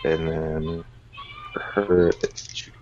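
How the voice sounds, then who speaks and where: A man with a very low voice plays a tabletop game, speaking slowly and hesitantly with many fillers. The sound is muffled and lo-fi, with a faint hiss. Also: fairly even intonation, over music. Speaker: player.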